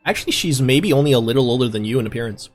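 Dungeon master: relaxed, chatty man describing the scene to players. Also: medium pitch, racing, faint music behind. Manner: relaxed, chatty, laughs easily. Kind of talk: narrating a tabletop game.

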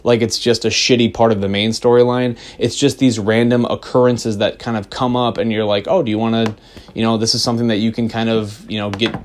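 A man on a podcast rambling excitedly about a video game, swearing freely and restarting his sentences. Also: lowish voice, brisk, hardly any pauses. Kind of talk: casual podcast chat.

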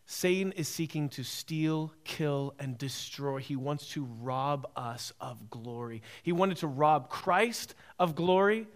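A man's voice: a little high, animated, takes it slowly, hardly any pauses. A man preaching a sermon, emphatic and repetitive, often asking "right?".

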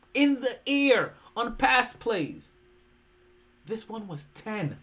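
A sports podcast host ranting in casual commentary, profane and animated, jumping from loud outbursts to hushed asides. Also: medium pitch.

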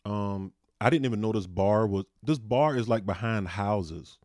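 A man's voice: lowish voice, measured pace, a little mellow, no room sound, studio quality. A man co-hosting a comedy podcast, chatting casually with lots of fillers. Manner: laid-back, many fillers and "you know". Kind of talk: casual chat.

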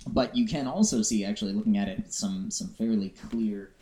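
A man narrating a tabletop game as game master, describing scenes with halting fillers. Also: lowish voice, mellow. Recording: echoey room with faint noise.

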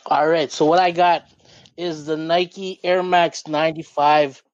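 Man, podcast co-host, slightly higher voice, dull muffled mic, dry, rambling. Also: little pitch movement, measured pace, no room sound. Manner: rambling, full of "like" and "you know". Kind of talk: casual podcast chat.

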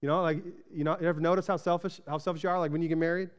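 Smooth-voiced man preaching a casual sermon. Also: a little high, racing. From Arizona, USA. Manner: casual, chatty preaching with frequent "right?" asides to the congregation; animated storytelling, rising louder when excited. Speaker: pastor.

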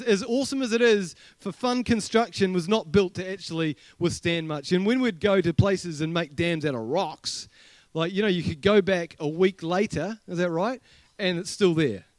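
Kiwi-accented male pastor, high voice, humorous anecdotes, dry sound. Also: dry recording. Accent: New Zealand. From New Zealand. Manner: chatty, humorous, asks the congregation questions. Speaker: senior pastor. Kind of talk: sermon with personal storytelling.

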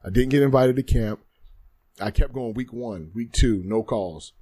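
A man's voice: mid-range voice, measured pace, warm tone. A man in his thirties, a guest in a podcast studio, speaking candidly and reflectively about his life, often repeating phrases. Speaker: guest, former football player. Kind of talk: candid interview storytelling.

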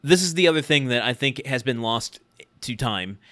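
A man's voice: medium pitch, expressive, normal speed, pushed and bright. A man co-hosting a podcast, casually recapping a sitcom episode with frequent uh and um fillers. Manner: recounts plot with frequent uh and um fillers. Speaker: podcast co-host.

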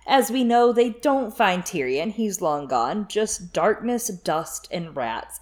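A woman co-hosting a podcast, chatting casually and jokingly about a book series. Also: on the low side. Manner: chatty, jokey, puts on quick voices. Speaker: podcast co-host.

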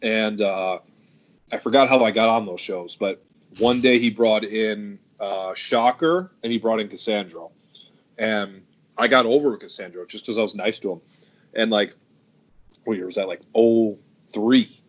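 A man's voice: fairly low pitch, measured pace. A middle-aged man and professional wrestler telling rambling, profanity-laced road stories in casual podcast chat.

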